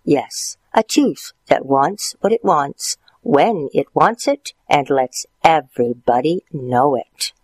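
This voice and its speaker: A man narrating a storybook in a playful, expressive way, lifting his voice for the characters. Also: takes it slowly, few pauses, no room sound, poor audio. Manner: playful, expressive, jumps higher for character quotes.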